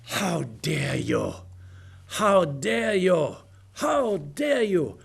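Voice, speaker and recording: An older man voicing a shrill, furious teenage girl activist in a mocking, exaggerated scolding rant. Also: wildly swooping pitch, very slow, gravelly, breathy edge, heavily acted. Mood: shrill outrage.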